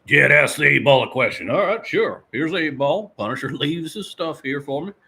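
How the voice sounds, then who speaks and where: A man voicing a folksy, rambling middle-aged handyman who clears his throat often while chatting with viewers. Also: a little high, animated, normal speed, bright, forceful tone, pitched above the performer's own voice, exaggerated voice. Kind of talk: live-stream character chat reading viewer comments.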